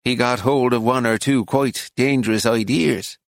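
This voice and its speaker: A man voicing an elderly Irish monk priest who speaks in a measured, sighing, exasperated way. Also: medium pitch, steady tone, gravelly, no room sound, studio quality, natural voice.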